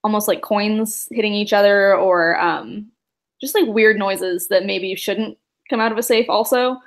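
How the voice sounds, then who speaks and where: A woman runs a tabletop game, narrating in a casual, rambling way. She uses many fillers and laughs as she goes. Her voice is mid-pitched. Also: measured pace. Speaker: game master.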